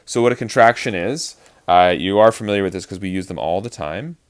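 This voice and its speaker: Low-voiced man teaching verse rhythm. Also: brisk, smooth. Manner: explanatory, with frequent fillers and restarts. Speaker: acting teacher. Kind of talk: online lesson on verse speaking.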